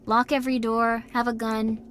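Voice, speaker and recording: A woman's voice: fairly high pitch, flat delivery, moderate pace, a little hiss or hum. Chatty woman streaming a horror game. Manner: chatty, jokey reactions, sudden loud outbursts.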